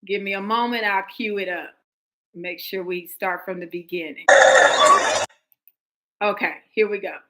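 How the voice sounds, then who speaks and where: A woman's voice: medium pitch, fairly even intonation, unhurried, long pauses, a bit bright, rough recording. An American woman hosting a livestream commentary, talking emphatically to her viewers with frequent restarts. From United States. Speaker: livestream host.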